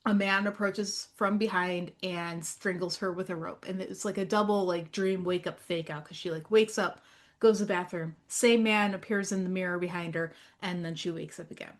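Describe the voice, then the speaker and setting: A woman's voice: fairly low pitch, fairly even intonation, normal speed. A woman co-hosting a podcast, recapping a movie in a casual, chatty way with dry humor. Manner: wry, chatty. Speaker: podcast co-host.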